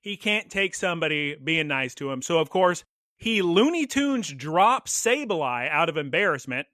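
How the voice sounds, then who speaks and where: A young man with a high, bright voice that swoops up and down as he recaps an anime episode on a podcast. He talks in excitable play-by-play and calls out attack names. The sound is close and dry. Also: moderate pace, dry recording. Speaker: podcast co-host. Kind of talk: casual anime recap chat.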